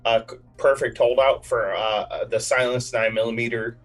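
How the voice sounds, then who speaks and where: Husky-voiced man playing a tabletop game. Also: mid-range voice, steady tone, moderate pace, faint music behind, poor audio. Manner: hesitant, with fillers. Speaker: player.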